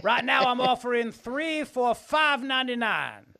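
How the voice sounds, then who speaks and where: A man's voice: very high-pitched, animated, unhurried, sharp tone, voice pushed up, exaggerated voice. A man putting on a pompous Southern US governor voice in a hammy drawl for a radio bit. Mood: boastful.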